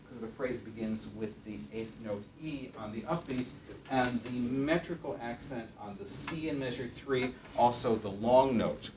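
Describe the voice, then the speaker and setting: With a mid-range, darkish voice, a middle-aged man teaches a music class beside a piano. His lecture is thoughtful yet peppered with fillers and self-corrections. The audio is distant and roomy, carrying a little hiss or hum.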